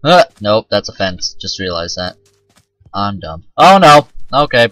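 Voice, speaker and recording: A man's voice: lowish voice, expressive, a little slow, fairly bright tone, dry recording, low-quality recording. A man casually commenting on his own gameplay, rambling and self-mocking and swearing often. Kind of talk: casual let's-play commentary.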